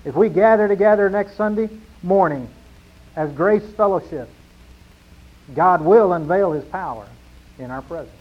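A middle-aged pastor from New preaches in a slightly raised voice. He drives his points home through repetition, swinging from loud declarations to hushed lines. The recording sounds muffled and lo-fi. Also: sits high, lively intonation, normal speed, pauses often. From New Mexico, USA. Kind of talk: sermon.

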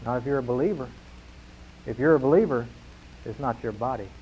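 A man preaching a sermon to his congregation, emphatic, slowing down and falling quiet on key phrases. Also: medium pitch, a little hiss or hum. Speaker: pastor. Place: church sanctuary. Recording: dull lo-fi sound.

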